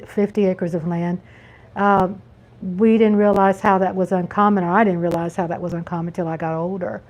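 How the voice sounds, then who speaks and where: A woman's voice: medium pitch, darkish tone. A middle-aged woman from Texas with a Texan accent, hosting a casual live chat and talking folksy and chatty straight to her viewers. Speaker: livestream host.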